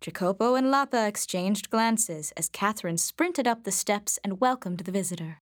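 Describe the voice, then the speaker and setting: A woman narrating a storybook in a gentle, measured way. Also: mid-range voice, no room sound, studio quality. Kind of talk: storybook reading.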